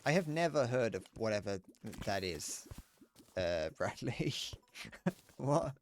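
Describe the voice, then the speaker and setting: A man with a British accent, from Britain, chats casually to his live-stream audience while gaming. His voice sits fairly low and has a sing-song quality, moving slowly with a slight hiss or hum in the audio. He rambles and makes crude remarks, answering chat with frequent restarts.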